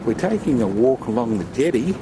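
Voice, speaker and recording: A man's voice: medium pitch, very animated, fairly quick. A man, narrating a casual travel vlog outdoors on the coast and chatting to his dog. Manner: chatty, talks to his dog, repeats himself. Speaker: travel vlogger. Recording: loud wind noise outdoors.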